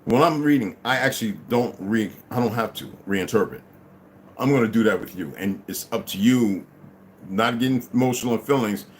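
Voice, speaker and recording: A man's voice: mid-range voice, moderate pace, a little hiss or hum. A tired man chatting casually and profanely on a livestream, greeting viewers as they arrive. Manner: laid-back, profane, rambling, greets viewers as "beloved". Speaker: livestream host.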